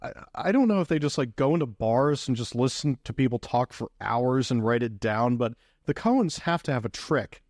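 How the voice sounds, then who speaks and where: A man's voice: medium pitch, animated, normal speed, few pauses, darkish tone, no room sound, studio quality. A man on a movie podcast panel, curious and musing, thinking aloud in casual chat.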